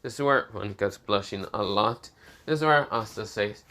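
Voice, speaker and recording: A man's voice: mid-range voice, sharp tone. A man tells an improvised fan-made story in a loose, casual way. He often stalls, corrects himself and reaches for words mid-sentence. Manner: halting, full of fillers and self-corrections. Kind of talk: improvised fan-fiction narration.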